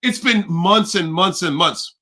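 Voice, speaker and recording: A man hosting a casual livestream chat, animated and profane, rambling with restarts. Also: high-pitched, measured pace. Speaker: livestream host.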